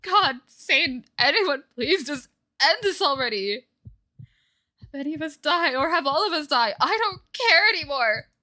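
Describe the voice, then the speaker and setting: A woman's voice: high voice, lively intonation, brisk, sharp tone, pitched above the performer's own voice. A woman voicing a despairing looping young man. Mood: desperate. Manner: despairing, pleading and raw. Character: young man broken by endless time loops.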